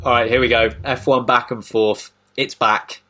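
A man's voice: medium pitch, level tone, normal speed, bright, forceful tone, soft background music. A man hosting a casual podcast discussion, thoughtful and given to restarts. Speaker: podcast host.

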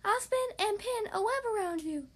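A woman voicing a helpful female spider in a children's storybook reading, with high lilting lines. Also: animated, normal speed. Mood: eager. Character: spooky spider girl, inventive.

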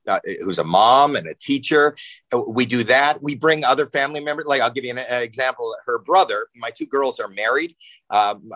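A man in his sixties tells stories with animated energy, restarting sentences and scattering fillers as he goes. His voice sits at a mid pitch for a man. The recording is dry and close. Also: no echo, low-quality recording. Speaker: guest. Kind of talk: casual storytelling.

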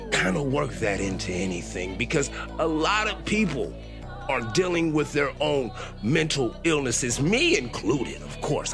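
A man hosting a podcast, riffing in crude, rambling comedic commentary with a sing-song delivery. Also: fairly high pitch. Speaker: podcast host.

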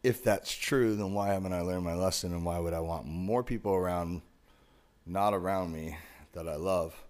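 A man with a very low voice pours out a raw, emotional confession as a podcast host. He sounds broken up, and his tone keeps climbing into forceful emphasis. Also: steady tone, normal speed. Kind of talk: emotional personal monologue.

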